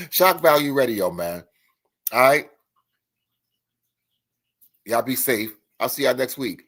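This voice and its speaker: A man hosting an internet radio show in casual chat, rambling with many restarts and fillers and breaking into loud, emphatic bursts. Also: mid-range voice, sing-song, slow pace, gravelly, husky.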